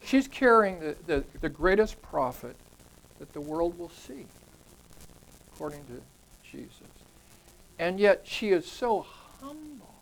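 A man's voice: high-pitched, big pitch swings, unhurried, gravelly, pauses often, poor audio. A man leading a Bible study group, teaching scripture conversationally and putting questions to the group. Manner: conversational, asks the group questions, repeats words when emphasizing.

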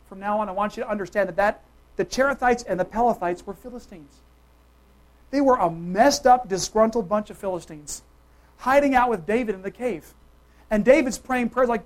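Preacher mid sermon, punches some words loud then drops way down soft, keeps asking the crowd stuff. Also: medium pitch. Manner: emphatic, swings between loud declarations and soft, hushed asides; talks straight to the congregation with quick questions.

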